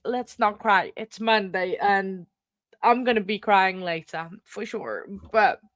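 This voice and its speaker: A woman's voice: mid-range voice, slow pace, a bit bright, dry recording. Woman not speaking her chatting on a home livestream, emotional, dry sound. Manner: chatty, emotional, greets viewers by name, many fillers. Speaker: livestream host. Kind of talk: casual livestream chat. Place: home room. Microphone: computer mic.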